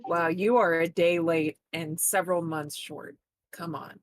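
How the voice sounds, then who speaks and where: A woman's voice: on the low side, fairly even intonation, measured pace. A woman player speaking in character in a tabletop game, wry and playful. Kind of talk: in-character roleplay.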